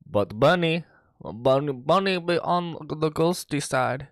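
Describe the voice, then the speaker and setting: A man's voice: fairly high pitch, animated, slow pace, dry recording, clean studio sound. A male internet radio host chatting casually to his stream, gossiping, laughing and reading posts aloud.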